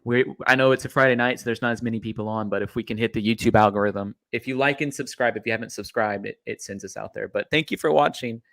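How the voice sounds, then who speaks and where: A man's voice: fairly low pitch, quick pace, few pauses, a bit bright. A man hosting a live call-in stream, thinking aloud with frequent restarts and fillers. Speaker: host taking live callers.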